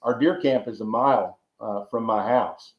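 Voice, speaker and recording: This Georgia man, speaking at a moderate pace with a medium pitch, rambles through long stories as a podcast guest, often repeating words and adding homespun asides. The casual storytelling interview sounds roomy, dull, and lo-fi.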